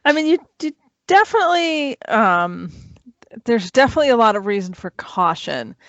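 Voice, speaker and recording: Brief: woman interview guest, measured and reassuring, dry dead sound, muffled lo-fi line. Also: on the high side, very animated, dry recording. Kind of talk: interview conversation.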